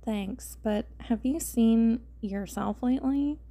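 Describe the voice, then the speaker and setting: A woman's voice: on the high side, lively intonation, a little slow, vocal fry, exaggerated voice. A woman reading as a shy young woman. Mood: coy.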